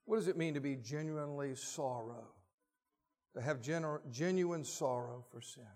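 Fairly high-voiced male preacher. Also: normal speed. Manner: reads scripture aloud, then tells stories with lively voiced quotes. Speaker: pastor. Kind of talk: sermon.

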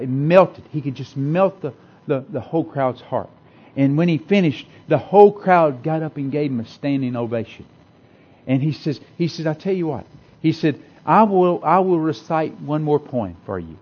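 A man preaching a sermon with passion, repeating phrases and swinging between loud declarations and hushed asides. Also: mid-range voice, slightly rough, muffled recording.

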